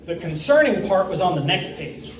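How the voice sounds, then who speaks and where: A man's voice: high-pitched, very animated, moderate pace, a little hiss or hum. A young man from New York doing a stand-up comedy set on stage, with a rehearsed, slightly stiff delivery and long setups. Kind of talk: stand-up set at an open mic. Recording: echoey room, mic far off.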